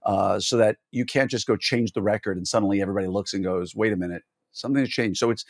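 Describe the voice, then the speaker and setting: A man's voice: fairly low pitch, fast, no room sound, studio quality. A man hosting a podcast interview, explaining at length and posing skeptical questions in a playful way. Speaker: podcast host.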